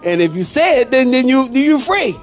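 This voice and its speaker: A male pastor preaching a sermon in a folksy, animated way with quick asides to the congregation. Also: extremely high pitch, soft background music. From not from the American South.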